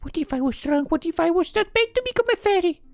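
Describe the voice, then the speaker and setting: A woman's voice: very high voice, animated, fast talker, no room sound, faint music behind, pitched above the performer's own voice. A woman voicing an anxious young princess who is turning into a fairy, speaking in an earnest, fretful, questioning way. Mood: doubtful.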